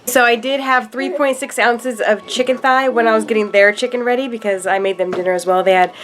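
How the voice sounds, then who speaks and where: A woman's voice: on the high side, steady tone, brisk, a crowd in the background. A woman vlogger chatting casually while she cooks and eats in her home kitchen, describing each step. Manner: chatty, self-narrating while cooking and eating. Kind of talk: casual cooking vlog chat.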